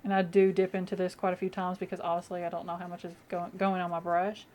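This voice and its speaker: A woman's voice: fairly low pitch, completely flat delivery, fast, a little mellow. A young woman vlogging casually as she does her makeup, chatty and rambling with many fillers, at home. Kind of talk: casual get-ready-with-me chat.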